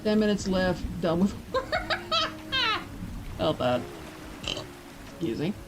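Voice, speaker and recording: Rambling, lively woman streamer. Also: fairly low pitch, a little slow, heavy background noise. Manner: rambling, self-talking, distracted. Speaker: streamer and author. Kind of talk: casual live-stream chat.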